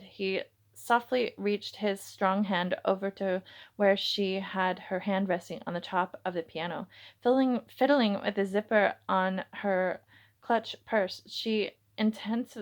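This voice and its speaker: A woman reading her own romance novel aloud, halting, with frequent restarts and self-corrections. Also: medium pitch.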